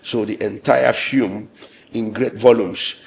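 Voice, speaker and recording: A hoarse man, a lawyer giving an interview at a measured pace, indignant, with pauses and fillers. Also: on the low side, steady tone, a little hiss or hum. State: hoarse, losing his voice. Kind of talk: interview recounting an ordeal.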